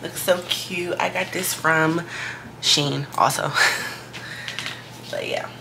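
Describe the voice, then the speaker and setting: Young pregnant woman vlogger, low gravelly voice, casual and self-hyping, noisy background. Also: steady tone, slow. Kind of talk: casual vlog chat to camera.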